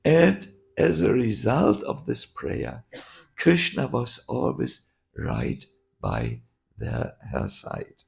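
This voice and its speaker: A man, a monk, telling a story while teaching a scripture class, halting with many fillers and restarts. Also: mid-range voice, wildly swooping pitch, gravelly, darkish tone.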